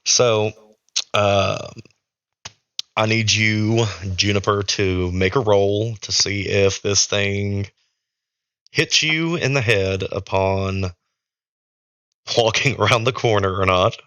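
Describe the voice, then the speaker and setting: A man's voice: lowish voice, slow, pauses often, fairly bright tone, clean tone, no echo, lo-fi sound. A man running a tabletop game as storyteller, ruling on rolls and narrating in a hesitant, thinking-aloud manner.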